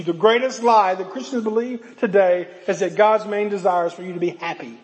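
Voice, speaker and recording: A man's voice: high voice, fairly quick, hardly any pauses, big-room sound. A man preaching a sermon, retelling a scripture story dramatically and earnestly. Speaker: pastor.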